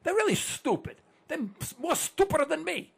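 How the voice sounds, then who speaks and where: Animated gravelly-voiced man in his sixties. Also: very high voice, moderate pace. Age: 60s. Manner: animated storyteller, rhetorical questions, repeats words. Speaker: broadcaster addressing listeners. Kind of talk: conversational monologue with anecdotes.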